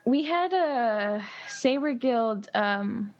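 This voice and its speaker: A woman's voice: fairly high pitch, expressive, drawn-out words, muffled recording, a little hiss or hum. A teenage girl in casual chat, telling school stories and giggling often. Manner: storytelling, giggly. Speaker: co-host.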